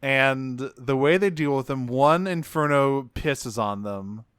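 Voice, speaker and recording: A man's voice: medium pitch, slow, clean tone, dry recording, clean studio sound. A man co-hosting a podcast, chatting casually and profanely as he recaps cartoon episodes and acts out lines in goofy voices. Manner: animated, profane, acts out quotes in silly voices. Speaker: podcast co-host.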